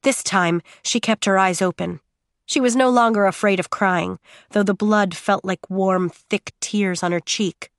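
A woman giving dramatic audiobook narration in a steady, measured way with drawn-out pauses. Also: mid-range voice, no echo, studio quality.

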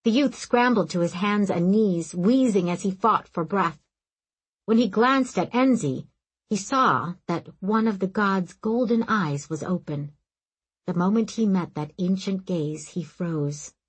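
A woman reading a fantasy novel aloud in calm, even scripted narration. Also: mid-range voice, measured pace, husky, low-quality recording. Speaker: audiobook narrator.

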